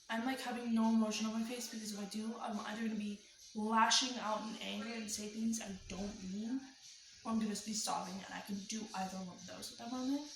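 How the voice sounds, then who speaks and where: A young adult woman telling a personal story in a casual storytime, chatty and full of "like" fillers. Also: medium pitch. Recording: roomy room with faint music.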